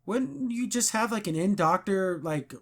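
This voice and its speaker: A man's voice: sits high, a little slow. A man hosting a podcast, chatting casually about a TV episode and acting out lines from it. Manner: animated, quotes characters in put-on voices. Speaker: podcast host. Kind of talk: casual review chat.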